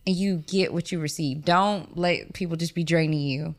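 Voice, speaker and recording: Lively young woman telling stories. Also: sits low, normal speed. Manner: animated storytelling with frequent laughter. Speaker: podcast guest. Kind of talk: casual podcast conversation.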